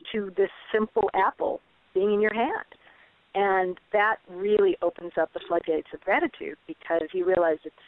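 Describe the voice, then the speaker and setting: A woman's voice: mid-range voice, no room sound. A middle-aged woman, a parenting author, telling stories earnestly in a webinar interview and acting out her children's voices. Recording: tinny phone-like webinar audio.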